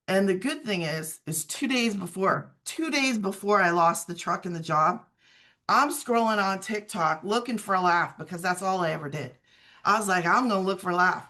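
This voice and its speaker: A middle-aged woman shares her personal testimony as a guest. She talks in an earnest, conversational way and often quotes what she said at the time. Her voice sits at an ordinary pitch. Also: moderate pace, pushed and bright. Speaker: guest sharing her story.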